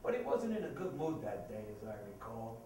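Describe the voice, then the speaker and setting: A man's voice: medium pitch, very animated, a little fast. An actor playing a grieving middle-aged Italian-American father, telling his story in a chatty stage monologue with nervous laughs. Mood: storytelling. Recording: echoey room, distant mic, noisy.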